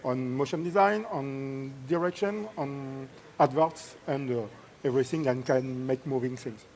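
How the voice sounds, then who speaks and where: A man's voice: medium pitch, unhurried, a little mellow. A middle-aged man from France with a French accent, a motion art director talking on stage, hesitant and searching for English words. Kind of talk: casual on-stage chat. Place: live festival stage.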